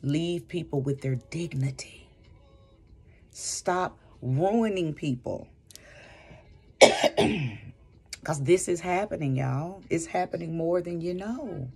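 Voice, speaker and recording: A woman's voice: deep voice, takes it slowly, creaky, long pauses, a little mellow, husky. A woman who does spiritual readings, giving an emphatic advice monologue and repeating phrases for stress. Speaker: spiritual reader and vlogger.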